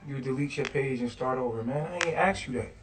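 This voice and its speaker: A man's voice: medium pitch, fast, recorded from a distance, noisy background. A man talking casually on a livestream in a slangy, laid-back way. He keeps asking "you feel me". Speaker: livestreamer in played clip.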